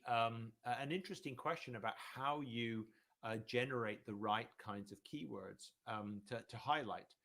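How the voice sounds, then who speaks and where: A male professor giving an academic lecture in a relaxed, conversational way, with frequent ums and restarts. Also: medium pitch. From United Kingdom.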